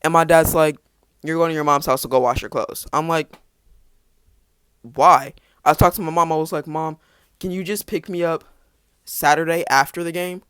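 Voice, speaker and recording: A man's voice: on the high side, fairly even intonation, moderate pace, long pauses, a bit bright, clear, resonant tone, dry recording. Teenage boy rambling through a story. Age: teens. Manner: rambling, restarts, sarcastic asides. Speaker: podcast host. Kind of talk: casual storytelling.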